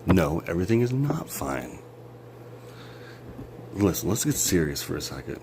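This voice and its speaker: A man's voice: low-pitched, very animated, normal speed, dark tone, a little hiss or hum. A man ranting into his phone or camera in a rambling, sarcastic monologue, swearing a lot and breaking into laughs. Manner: profane, sarcastic, jumpy rants with sudden laughs. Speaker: vlogger.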